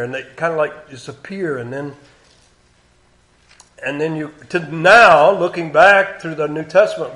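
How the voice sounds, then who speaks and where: A man giving expository Bible teaching, reading old scripture aloud with growing force and dropping to quiet comments between passages. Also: on the high side. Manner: reads King James scripture aloud with rising force.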